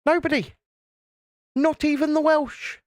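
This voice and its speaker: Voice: high-pitched, little pitch movement, measured pace, darkish tone, dry recording, studio quality. A British host chatting wryly with a live chat while building a model, teasing and joking. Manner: wry, teasing banter with the chat.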